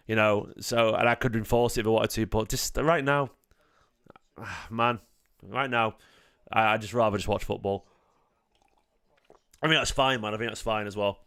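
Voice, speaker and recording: Rambling Mancunian man, smooth voice. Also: on the low side, fairly bright tone, dry recording, studio quality. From Manchester, England. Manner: rambling, jokey, sweary. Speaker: fan channel host. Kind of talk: casual live-stream chat.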